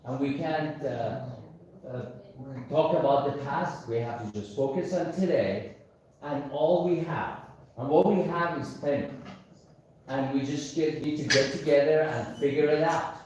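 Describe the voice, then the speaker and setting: A man's voice: fairly high pitch, unhurried, a little mellow, slight background noise. A man called on at a panel event, answering hesitantly with many fillers. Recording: echoey hall from far off.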